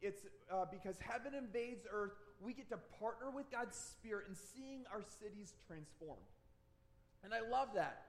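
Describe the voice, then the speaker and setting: A male pastor in his thirties preaching a conversational sermon, repeating words for emphasis. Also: high voice.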